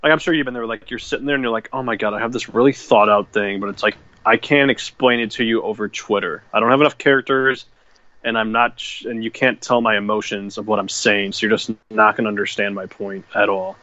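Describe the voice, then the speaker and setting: A podcast co-host rambles through casual chat full of fillers and restarts. His voice is fairly low, bright, and forceful, with fairly even intonation and a quick pace, and the recording sounds dry and muffled.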